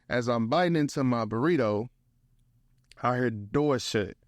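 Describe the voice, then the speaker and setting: This young man from St. Louis is a guest and motivational speaker, casually telling a story in an animated, slangy way and dropping "bro" often. His mid-range voice moves at a moderate pace with frequent pauses, recorded close and dry with no room echo.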